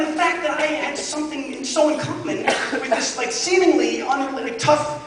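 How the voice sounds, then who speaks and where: A man's voice: extremely high pitch, moderate pace, background noise. Rambling man telling a story in an echoey hall. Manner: animated, rambling, heavy use of "like". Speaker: guest speaker. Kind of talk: comic storytelling to a live audience. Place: large university event hall. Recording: echoey hall, distant mic, loud audience.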